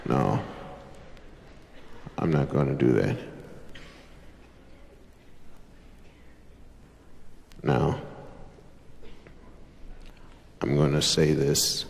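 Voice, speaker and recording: A man voicing a stern, menacing father who scolds his sons with slow, deliberate, low threats, in a stand-up comedy act-out. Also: darkish tone. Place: live comedy stage before an audience. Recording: echoey 1960s live album with hiss.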